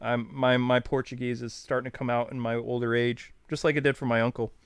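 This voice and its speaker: A man's voice: mid-range voice, level tone, fairly quick, clear, resonant tone, no echo. A man in his thirties from New York, hosting a casual live stream and chatting in a rambling, self-deprecating, jokey way. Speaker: streamer host.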